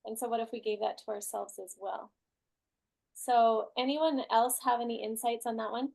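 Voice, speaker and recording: A woman's voice: fairly high pitch, fairly even intonation, moderate pace, vocal fry, darkish tone. A woman hosting an online group class, talking casually with lots of "like" and "right?". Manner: chatty, many "like" and "right?" fillers. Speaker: class host.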